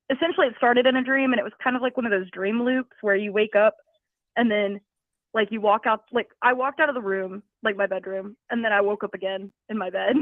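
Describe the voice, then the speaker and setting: A woman's voice: a little high, no room sound. Giggly woman caller on a tinny phone line. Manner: giggly, scattered, apologetic. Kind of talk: telling a personal story on a call-in.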